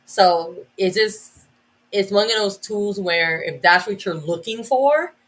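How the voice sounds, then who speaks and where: A woman's voice: medium pitch, slow pace. A woman educator as a podcast guest, talking enthusiastically in a casual, rambling way with many restarts and "like" fillers.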